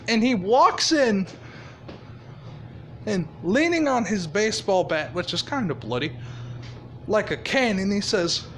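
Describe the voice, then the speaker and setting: A man's voice: sits high, a bit bright, slight background noise. A man casually improvising a fan-fiction story, swearing freely and chuckling.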